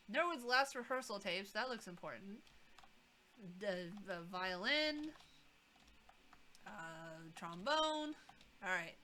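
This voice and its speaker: A woman's voice: mid-range voice, animated, slow, pauses often, pushed and bright, slight background noise. A woman in her thirties casually commenting while streaming a game, with wry, chatty asides.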